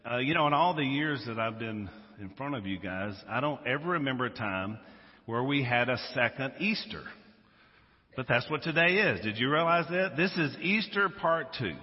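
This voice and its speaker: Pastor preaching in an echoing hall. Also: male voice, medium pitch, moderate pace, muffled recording. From Louisiana. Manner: conversational, animated storytelling. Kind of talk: sermon. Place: large church sanctuary.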